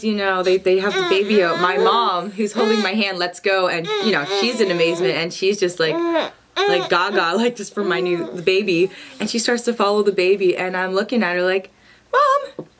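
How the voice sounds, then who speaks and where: A woman's voice: medium pitch, normal speed, a crowd in the background. Young mom vlogging, chatty and emotional, keeps restarting her sentences. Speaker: vlogger and new mother. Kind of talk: casual personal storytelling.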